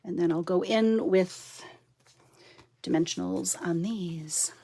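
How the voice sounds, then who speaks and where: This woman's voice is warm, creaky, fairly low, and slow. Crafting paper live on stream, she giggles and chats with her audience, saying she's punchy from being overtired.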